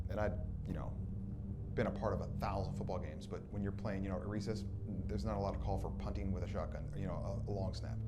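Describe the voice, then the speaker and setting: A man's voice: lowish voice, noisy background. A man from Southern California, recounting his youth in an interview and acting out the dialogue as he tells it. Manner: lively storyteller who acts out quoted dialogue. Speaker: documentary subject. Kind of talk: reminiscing interview.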